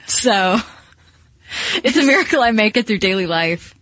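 An easygoing woman co-hosting a podcast, chatting casually and poking fun at herself. Her voice sits at a middle pitch. The sound is dry and close. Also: sing-song, normal speed, fairly bright tone, dry recording. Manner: easygoing, self-deprecating, laughs easily. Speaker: podcast co-host. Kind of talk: casual chat.

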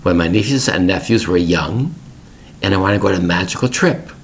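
A man's voice: low voice, moderate pace, slight background noise. A middle-aged man hosting an English-learning podcast, telling a family story in plain, repetitive words for learners.

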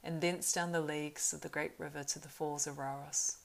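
A woman's voice: low-pitched, flat delivery, fairly quick, vocal fry. A woman reading a solemn, weary ranger lord. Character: grave, weary male ranger leader. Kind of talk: audiobook reading.

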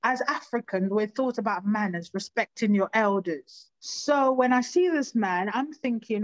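A woman from Nigeria recounts her past in an earnest, halting voice. She stumbles and restarts as she goes. Her mid-range voice is captured dry and slightly muffled on a lo-fi recording. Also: mid-range voice, dry recording. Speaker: personal storyteller. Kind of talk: recounting a personal life story.

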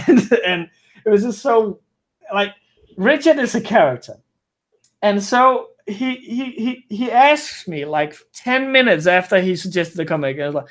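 A man's voice: high voice, lively intonation, unhurried, a bit bright. A man who is not a native English speaker, telling a long story in casual podcast chat, rambling with many restarts. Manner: rambling, frequent restarts and self-corrections. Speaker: guest storyteller.

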